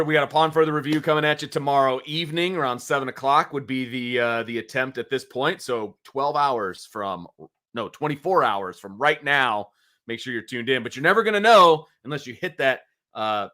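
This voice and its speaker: A man's voice: mid-range voice, bright, forceful tone. A man co-hosting a casual post-game sports talk show, wrapping up and plugging upcoming episodes. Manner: wraps up and promotes upcoming shows. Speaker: co-host.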